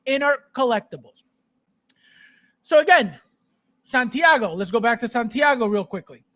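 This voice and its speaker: A man's voice: extremely high pitch, normal speed. Man, podcast host, casual banter, mocking rant. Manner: mocking, animated ranting with frequent laughs.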